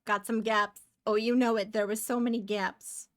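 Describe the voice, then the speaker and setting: A young woman from Canada chatting casually on a live stream while she draws, rambling and breaking into excited exclamations. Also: on the high side, moderate pace, no room sound.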